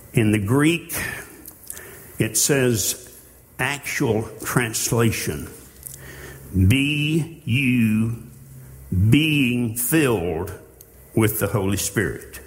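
A man preaching a sermon in a slow, earnest way, with halting restarts. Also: fairly low pitch. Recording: long hall reverb.

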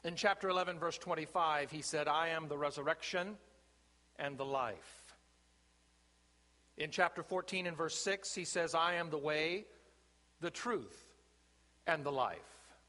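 A man preaching a sermon from the pulpit, with slow, emphatic phrasing and deliberate pauses. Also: on the high side, pushed and bright. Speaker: pastor. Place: church sanctuary. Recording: long reverb of a church sanctuary.

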